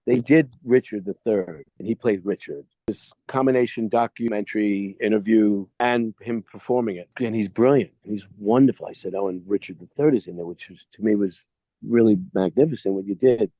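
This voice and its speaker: Man telling showbiz stories, low voice. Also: brisk, no echo. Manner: animated anecdotes with acted-out quotes. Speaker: actor interviewee. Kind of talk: casual interview storytelling. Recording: dry, slightly dull sound.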